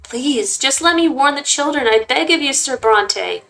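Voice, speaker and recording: A woman's voice: high-pitched, lively intonation, measured pace, gravelly, fairly bright tone, faint music behind, pitched above the performer's own voice, full character voice. Woman voicing a begging, frightened mother. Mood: pleading. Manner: begging, pleading. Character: frightened pleading mother, noblewoman.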